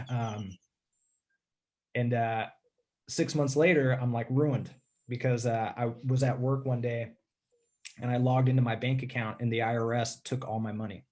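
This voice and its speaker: A man telling a personal story in a casual interview, candid and rambling, often clearing his throat and saying "dude". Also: mid-range voice, steady tone, measured pace, long pauses, a little mellow.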